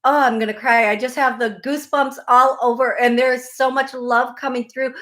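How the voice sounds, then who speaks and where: Effusive psychic host, high voice. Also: female voice, fairly even intonation, moderate pace, fairly bright tone. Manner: effusive, emphatic, repeats phrases. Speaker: psychic medium radio show host. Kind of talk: call-in psychic reading.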